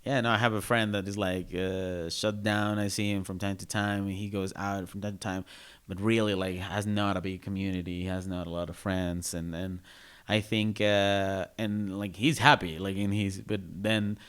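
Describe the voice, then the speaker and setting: A man's voice: deep voice, level tone, normal speed, a bit bright, smooth. A man, a comedian guest on a podcast, talking casually and searching for his words with many restarts. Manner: laughs easily between points.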